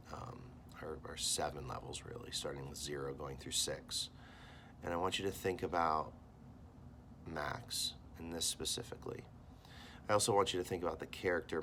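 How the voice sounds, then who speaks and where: Deep-voiced American teacher reading aloud. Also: male voice, a little hiss or hum. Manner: animated reading, voicing characters with big jumps in pitch. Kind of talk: reading a novel aloud with classroom commentary.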